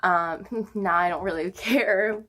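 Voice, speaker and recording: A young woman vlogger telling an old personal story at an unhurried, drawn-out pace. She chats casually, laughs often, and fills her talk with "like" and "um". Her voice sits in a middle range for a woman. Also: medium pitch, fairly bright tone. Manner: chatty, giggly, full of "like" and "um".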